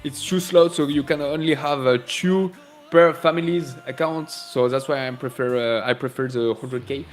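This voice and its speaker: A man's voice: mid-range voice, fairly even intonation, normal speed, soft background music. A man hosting a live trading stream, reading out chat and laughing often. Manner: playful, laughs often, reads chat messages aloud.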